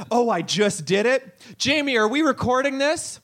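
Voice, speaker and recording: A man hosts a comedy night and hurries through the introduction of the next act. His voice is high, bright and bouncy. He teases the crowd as he goes. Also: expressive. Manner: joking, teasing and rushed. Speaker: comedy show emcee.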